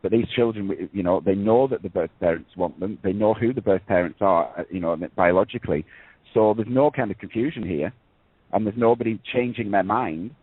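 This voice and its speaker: A man's voice: fairly low pitch, brisk, breathy edge, no echo. A male radio co-host talking casually and emphatically, stumbling over restarts, heard over a tinny phone line. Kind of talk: casual talk-radio chat.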